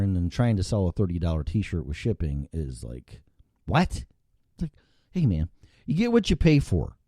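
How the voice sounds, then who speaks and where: A man in his fifties rambles through a casual livestream monologue, swearing freely and thinking out loud. His voice is low and mellow, but it rises and falls a lot, and the sound is dry and close. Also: dry recording. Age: 50s. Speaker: show host.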